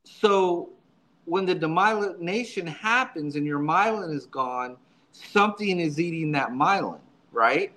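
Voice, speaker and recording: Man, church subdeacon, interview guest, slightly higher voice, earnest, halting, repeats words. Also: lively intonation, bright, forceful tone, low-quality recording. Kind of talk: casual storytelling in an interview.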